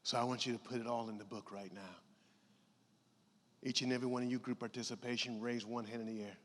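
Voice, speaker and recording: A man delivers a motivational keynote in a large conference hall, rallying the audience and leading them in call-and-response. His mid-range voice is steady and a bit bright, and he talks fast, with hall reverb and audience noise in the recording.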